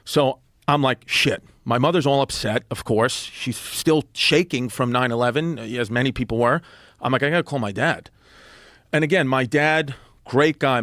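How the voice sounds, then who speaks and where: A man from New City, telling a comic story on a podcast in an animated way, with quick asides and acted-out quotes. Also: medium pitch, dry recording, clean studio sound. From New York City. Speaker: comedian guest.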